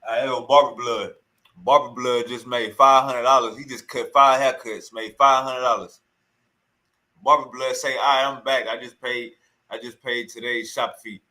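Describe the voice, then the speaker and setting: A man with a bright, cutting voice and a mid-range pitch, running mocking commentary on a call. He teases relentlessly and hammers the same jabs in repetition. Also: steady tone, moderate pace, rough recording. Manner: teasing, repeats taunts over and over. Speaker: streamer reacting to a call.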